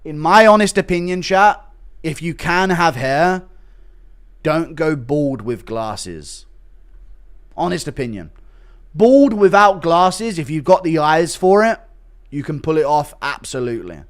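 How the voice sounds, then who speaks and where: Unhurried and on the high side, a male livestream host works through chat donations between lively rants loaded with profanity.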